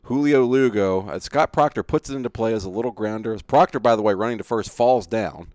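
A man with a fairly low, smooth voice tells a story in casual chat, animated and quick to laugh. The sound is dry and close. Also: dry recording. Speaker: podcast co-host, baseball fan.

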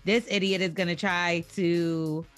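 Teasing podcast host running a segment. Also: female voice, on the low side, steady tone, a little slow, faint music behind. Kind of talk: casual podcast banter.

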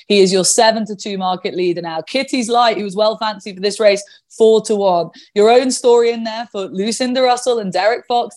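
Brisk woman hosting a racing podcast. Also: mid-range voice. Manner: brisk, reads betting odds, laughs easily. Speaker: podcast host.

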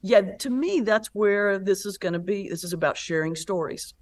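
Animated storytelling woman pastor. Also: mid-range voice, normal speed. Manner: animated storyteller, lively retelling with laughs. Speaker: pastor and comedian, guest. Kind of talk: conversational interview.

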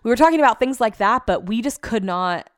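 A young adult woman casually retelling a personal story, emphatic and animated, with lots of filler words. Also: fairly high pitch, brisk.

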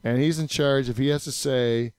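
A man's voice: mid-range voice, fairly even intonation, moderate pace, darkish tone, smooth, dry recording. A man hosting a casual podcast chat, rambling, joking and spinning out hypotheticals. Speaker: podcast host.

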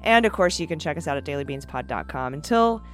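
A woman's voice: sits low, expressive, fast talker, faint music behind. A woman hosting a podcast, chatting enthusiastically and affectionately with her co-host. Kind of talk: casual chat.

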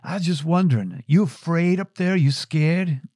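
A man's voice: on the high side, normal speed, darkish tone, dry recording, studio quality, voice pushed up, natural voice. A man quoting a swaggering inmate. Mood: challenging. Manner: cool, challenging. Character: swaggering tattooed male prison inmate.

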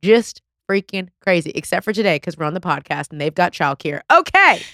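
Excitable woman podcast host, dry sound. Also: lowish voice, fairly quick, no echo. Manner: excitable, emphatic, drawling with Southern slang. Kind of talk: casual chat interview.

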